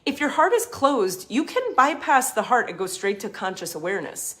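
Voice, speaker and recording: A woman hosting a casual spiritual talk, passionate and blunt, swearing freely and swinging between emphatic points and softer asides. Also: a little high, sing-song, normal speed. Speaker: spiritual advice host.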